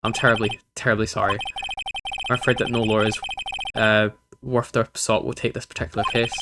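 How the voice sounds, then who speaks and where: A man's voice: on the low side, level tone, a little fast, very noisy, natural voice. A man voicing a pompous, evasive older male lawyer with a stuffy, old-fashioned way of talking.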